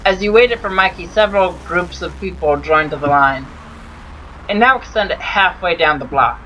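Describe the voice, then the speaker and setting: A man's voice: sits high, moderate pace, bright, forceful tone, a little hiss or hum, rough recording. A man hosting a let's play, reading a dating sim's story aloud with amused asides. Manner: amused, narrating with laughs.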